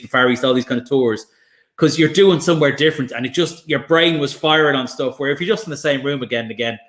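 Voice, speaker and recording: A man chatting as a guest comedian, telling lively anecdotes with swearing and restarts over a video call. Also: mid-range voice. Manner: animated storyteller, swears, restarts. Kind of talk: casual chat, anecdotes. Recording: echoey room.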